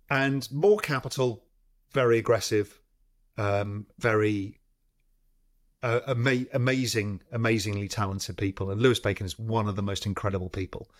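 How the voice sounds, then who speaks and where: A man of middle pitch tells a story as an interview guest, his voice sitting neither high nor low. He talks in bursts, restarts his sentences, and acts out the phone calls he remembers. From United Kingdom. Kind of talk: storytelling in a long-form interview.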